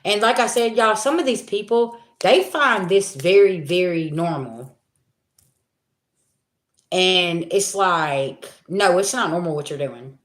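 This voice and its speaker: This spiritual reader speaks slowly in a fairly low-pitched voice. She talks to her viewers in a casual, blunt, profane monologue, repeating points for emphasis, and the room sounds echoey.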